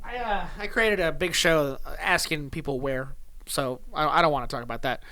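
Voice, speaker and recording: A man's voice: a little high, moderate pace, bright, forceful tone. Young man, podcast co-host, teasing, dry jokes, lots of "uh", casual chat. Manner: teasing, dry jokes, many filler "uh"s, laughs often.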